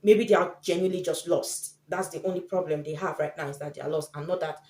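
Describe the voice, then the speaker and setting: Chatty woman vlogger, mellow low voice. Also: steady tone, fast talker. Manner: chatty, acts out quoted people. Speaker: vlogger giving tips. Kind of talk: casual chat to camera. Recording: echoey room.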